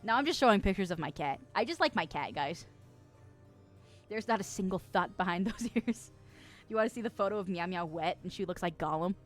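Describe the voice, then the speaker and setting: Giggly, excitable young woman streamer. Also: fairly low pitch, fairly quick, soft background music. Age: 20s. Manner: giggly and excitable, reading chat aloud. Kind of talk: casual live-stream chat.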